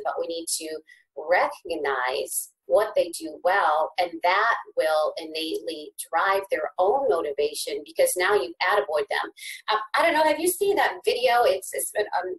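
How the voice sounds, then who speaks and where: A middle-aged woman, a podcast guest, speaking conversationally and with animation, her pitch swooping high when excited and her words often restarting. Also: poor audio. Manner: frequent repeated word restarts. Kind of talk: conversational interview.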